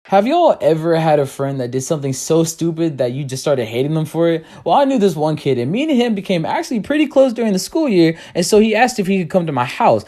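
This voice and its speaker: Animated young man telling funny stories. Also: quick pace, few pauses. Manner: animated, jumps to high yelps at punchlines. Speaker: storyteller. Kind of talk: comedic storytime.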